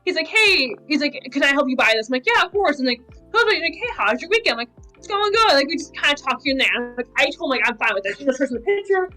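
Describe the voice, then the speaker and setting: A young-sounding woman talks fast in a high, bright voice, rattling off anecdotes stuffed with "like." She chats casually on a podcast as a cosplayer guest. Faint music plays under her. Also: very animated, poor audio. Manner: chatty storyteller, many "like" fillers.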